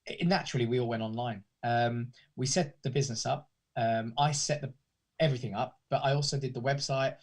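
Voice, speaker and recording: A man's voice: mid-range voice, a little fast. A man from the UK, a guest in a casual interview, talking in a rambling way with many restarts. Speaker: guest, pantomime academy founder.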